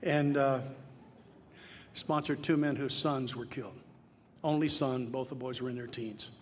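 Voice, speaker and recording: An older man from Tennessee speaks to a crowd in a live hall, his voice trailing into a long reverb. He tells his story earnestly and plainly, now and then pushing into loud, emphatic lines. A faint hiss sits under the recording. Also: medium pitch, steady tone, measured pace. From Nashville, Tennessee. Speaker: speaker at a recovery meeting. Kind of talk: personal testimony talk. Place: large hall before an audience.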